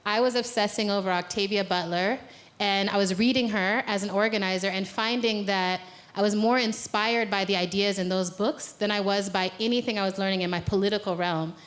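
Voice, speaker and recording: A woman's voice: mid-range voice, fairly even intonation, a little fast. An American woman, an organizer, leading a guided exercise and then giving a playful, conversational talk from a conference stage. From United States. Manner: playful, conversational, laughs at own jokes. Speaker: speaker and organizer. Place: conference venue.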